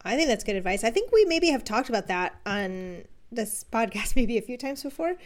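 A woman's voice: fairly high pitch, very animated, a little fast. A woman co-hosting a podcast in casual chat, a teacher who talks thoughtfully and laughs easily.

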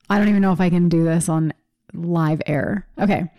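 Casual podcast co-host, woman, chatty and animated, laughs through her stories. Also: fairly low pitch, normal speed. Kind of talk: casual chat.

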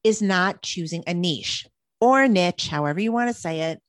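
A woman's voice: mid-range voice, expressive, a little fast, dry recording. A woman co-hosting a marketing podcast, reading prepared points in an upbeat way. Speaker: podcast co-host. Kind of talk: scripted podcast chat.

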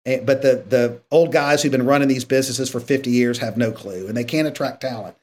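A man's voice: medium pitch, a little fast. A man who is a guest on a podcast, telling stories casually and acting out the dialogue. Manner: animated storyteller acting out dialogue. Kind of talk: casual interview storytelling.

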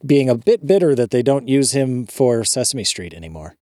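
Podcast co-host, male, incredulous ranting, swears, dry close sound, mid pitch. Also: sing-song, normal speed, mellow, dry recording. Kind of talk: casual chat.

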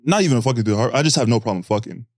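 Relaxed man, guest, chatty and halting. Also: mid-range voice, no room sound, studio quality. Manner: hesitant, filler-heavy, laughing. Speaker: podcast guest. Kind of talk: casual chat.

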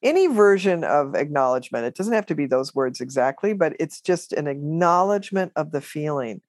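A woman's voice: low-pitched, fairly quick, no room sound, studio quality. A woman telling a story as a guest in an interview, laughing often and acting out what people said. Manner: animated, laughs often, acts out quotes.

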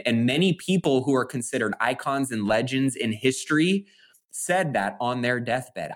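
A man co-hosting a podcast, talking in an earnest, motivational way in casual chat. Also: medium pitch. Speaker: podcast co-host.

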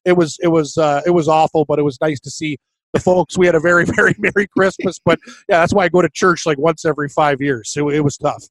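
A man co-hosting a podcast, chatting in a rambling, animated way. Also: on the high side, fast talker. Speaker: co-host. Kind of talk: casual chat.

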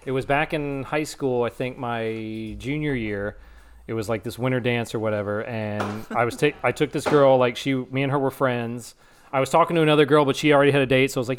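A man's voice: medium pitch, quick pace, smooth. A young man co-hosting a casual podcast, telling a rambling story and acting out the quotes. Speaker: podcast co-host.

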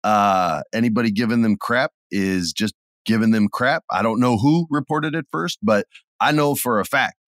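A middle-aged man with a fairly low voice tells stories on a podcast, relaxed and chatty, then suddenly acts out the scene with loud bursts. His voice sounds close and dry, with no room around it. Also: normal speed, no room sound. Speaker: podcast co-host. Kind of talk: casual chat.

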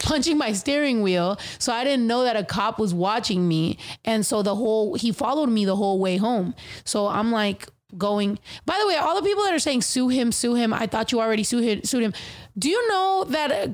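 A woman hosting a podcast in casual chat, telling stories in an animated, profane way full of slang. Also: fairly high pitch. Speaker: podcast host.

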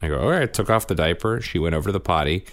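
A man co-hosting a parenting podcast, telling family stories in casual chat and sometimes mimicking his kids in a high voice. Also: rapid-fire, a bit bright. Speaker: podcast co-host, father. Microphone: studio microphone.

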